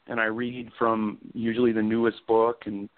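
Here the guest author's voice is fairly low in pitch, with a flat delivery and moderate pace. He performs a dramatic reading of his own book before drifting into eager, meandering conversation. There's no echo; the audio is dry and sounds like a phone line.

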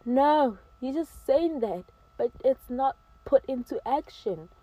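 A woman's voice: high voice, expressive, a little slow, breathy edge, muffled recording. A teenage girl giving emphatic, preachy advice straight to camera, slipping into mocking quoted voices. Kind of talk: casual advice monologue to camera.

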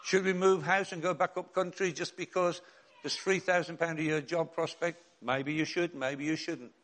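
A man's voice: on the high side, steady tone, moderate pace, fairly bright tone. An older man, a bishop and chaplain preaching a sermon in an earnest, direct way with rhetorical questions and repeated refrains.

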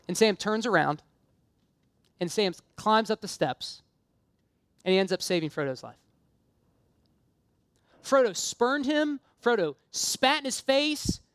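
A woman's voice: medium pitch, a bit bright, no room sound. Woman preacher, mid-range voice, earnest and fervent sermon delivery with chatty asides, dry close mic. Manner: earnest and impassioned, rising to emphatic appeals; conversational asides with light self-deprecation.

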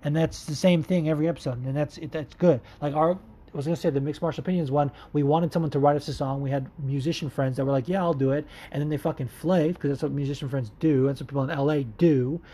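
A man's voice: on the high side, fairly even intonation, fast talker, dark tone. A man hosting a casual solo podcast, rambling and swearing, with lots of restarts and fillers. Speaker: podcast host. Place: Los Angeles area.

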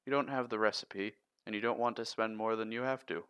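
A man co-hosting a casual podcast, reading long riddles aloud in a steady listing way. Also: lowish voice, fairly quick, smooth, no room sound, dull audio. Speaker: podcast co-host.

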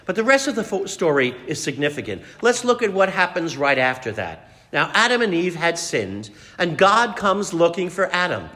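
A preacher with a fairly high, lively voice that rises and falls as he tells the story and quizzes his listeners. His words ring with a long reverb through the church. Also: moderate pace. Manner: dramatic storytelling, asks the congregation questions. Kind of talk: sermon.

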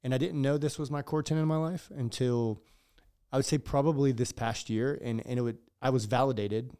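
A man's voice: medium pitch, fairly even intonation, fairly quick, warm tone, clear, resonant tone. A man who is a gym owner, speaking as a podcast guest, earnest and reflective in casual chat.

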